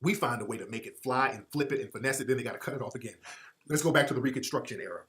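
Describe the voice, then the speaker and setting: Emphatic, profane male commentator. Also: racing. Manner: emphatic, swings between loud outbursts and low muttering; profane, preacherly repetition. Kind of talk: impassioned monologue.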